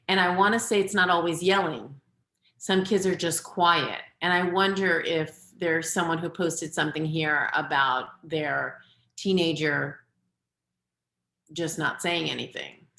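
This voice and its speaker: A middle-aged woman parenting coach giving an earnest advice talk in a webinar, at times quick and at times slow and deliberate. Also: sits low, sharp tone. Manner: earnest, advising, shifting between quick and slow deliberate delivery. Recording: echoey room.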